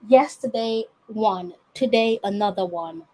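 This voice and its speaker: A woman's voice: medium pitch, unhurried, darkish tone, poor audio. Exasperated young woman vlogging, dramatic. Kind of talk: casual chat to camera.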